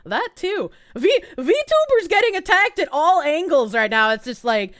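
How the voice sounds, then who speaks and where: A woman with a gruff, grating Boston accent talks in a high voice that leaps all over the place. She chats bluntly on a live stream, swearing freely and laughing often. The sound is close and dry. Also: very animated, unhurried, a bit bright, dry recording. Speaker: VTuber streamer. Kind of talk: casual live-stream chat.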